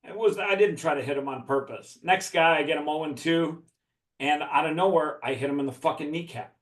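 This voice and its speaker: Here a Chicago-area podcast guest recounts a story full of profanity, chuckling throughout the easygoing conversation. His pitch is fairly high, his pace brisk, and his tone fairly bright, with the room audibly echoing.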